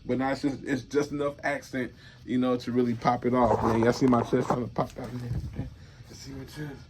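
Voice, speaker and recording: A young man talking to his viewers in a loose, repetitive monologue, murmuring low and then bursting out loud to make a point. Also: flat delivery, fairly quick, heavy background noise. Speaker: vlogger. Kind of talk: casual rambling monologue.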